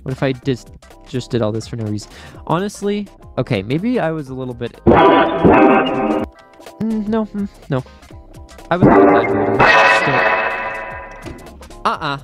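A young man giving frustrated, exasperated commentary while playing a game, with repeated outbursts and complaints. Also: medium pitch. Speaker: gaming streamer. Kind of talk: raging gameplay commentary.

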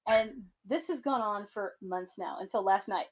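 Woman, husky voice, podcast host, casual swearing storyteller. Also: mid-range voice, moderate pace, low-quality recording. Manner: animated storytelling with profanity.

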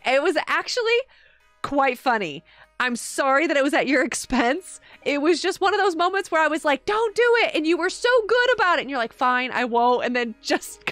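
Chatty high-voiced woman streaming a game. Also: a bit bright, no echo. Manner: chatty, giggly, reads and answers chat. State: tired. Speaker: live streamer. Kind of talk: casual gaming live stream chat.

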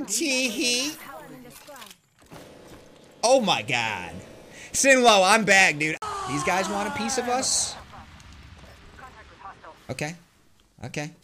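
A young man streaming a shooter game, trash-talking opponents and cheering his own plays with brash, excited commentary. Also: high-pitched, slow pace, pauses often. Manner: brash trash talk with excited yelps and laughs. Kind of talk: live gameplay commentary. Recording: noisy game audio behind voice. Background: gunfire from the game.

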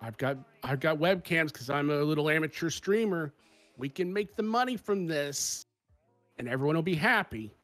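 A man's voice: on the high side, animated, moderate pace, a bit bright, dry recording, faint music behind. A man playing a comedic tabletop game, brash and pushy in character. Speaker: player.

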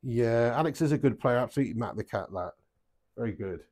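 A fast-talking man with a mid-range voice chats to viewers on a live darts stream. He swears a lot and bursts into excitable outbursts at his throws.

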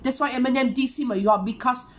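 Woman, reaction host, higher voice, ranting casual commentary, faint background noise. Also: quick pace. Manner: ranting, tags most phrases with "man" or "bro".

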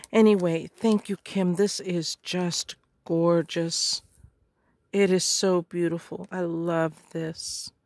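Brief: slow-paced woman crafter gushing over her unboxing; dry close sound. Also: fairly low pitch, no echo. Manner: gushing, gasping, frequent exclamations. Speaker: crafter on a design team. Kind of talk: casual unboxing vlog.

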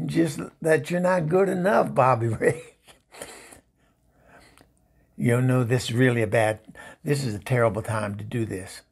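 Here a man pitches his voice at a medium level to portray a gravelly, sharp-tongued Southern divorcée with many marriages behind her. As a comedy show regular doing a phone-call bit, he has her sound fed up, trading sassy digs and tripping over her words.

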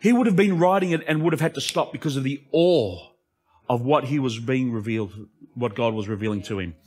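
A male pastor preaching an impassioned sermon that swings between emphatic lines and hushed asides. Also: mid-range voice, fairly quick, husky.

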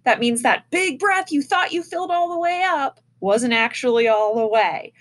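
A woman's voice: sits high, animated, normal speed. A woman teaching an online music lesson to children. She speaks patiently and demonstrates breaths as she goes. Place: indoors, seated in a chair. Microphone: camera in front of her.

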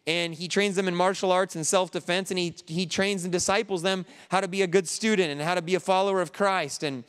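A man's voice: sits high, fairly even intonation, brisk, fairly bright tone, clean tone, big-room sound. A man, a pastor, preaching an earnest, conversational sermon while grieving.

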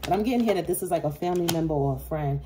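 Brief: woman tarot reader, low mellow voice, blunt and salty, faint hiss behind. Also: expressive, very fast. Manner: blunt, swearing, talks straight to viewers. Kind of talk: casual intuitive tarot reading.

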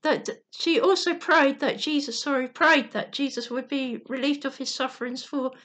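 A woman with a high voice reads a bedtime story aloud. She goes gently and steadily, now and then stumbling and correcting herself. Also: fairly even intonation, normal speed. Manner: gentle reading with slips and restarts.

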